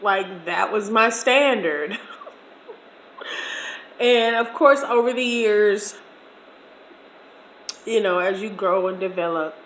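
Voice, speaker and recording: A woman in her forties telling a personal story in a chatty, slangy, expressive way during a casual meal video. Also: medium pitch, slow, long pauses, a little hiss or hum. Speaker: vlogger. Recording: echoey room.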